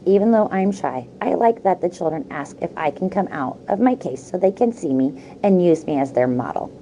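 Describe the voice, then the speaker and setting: Teacher reading a chapter book aloud; low-pitched woman, warm, gentle storytelling pace. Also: a little hiss or hum, rough recording. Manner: slow, gentle storytelling with asides to the class.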